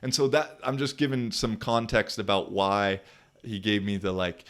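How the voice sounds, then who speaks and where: Low-voiced young man, rambling and profane. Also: fairly even intonation, normal speed. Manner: profane, rambling, full of fillers. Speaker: podcast host and football player. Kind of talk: casual storytelling on a podcast.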